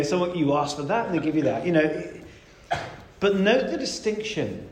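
A man's voice: on the high side, darkish tone, echoey room, a little hiss or hum. A man preaching a sermon in a conversational, emphatic way, stressing key words.

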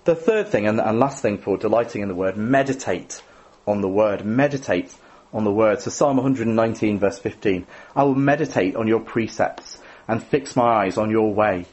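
A man's voice: on the low side, moderate pace, darkish tone. A man giving a sermon in a conversational, self-deprecating way, often adding tag questions. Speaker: preacher.

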